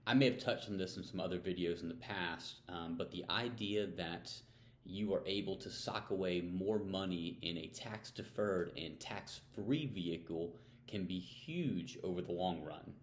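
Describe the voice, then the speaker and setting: A man with a low, deep voice talks through money matters in a relaxed, conversational way, posing questions and then answering them. He sounds like a financial advisor doing his weekly tip video. The sound is roomy and echoey, with a faint hiss behind him. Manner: conversational, plain-spoken, asks and answers his own questions. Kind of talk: casual explainer talking to camera.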